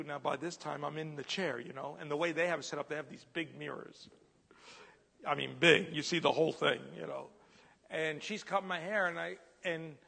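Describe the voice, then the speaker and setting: A man preaching a sermon as a story, lively and animated, sometimes dropping to a hushed whisper. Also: a little high, gravelly, big-room sound.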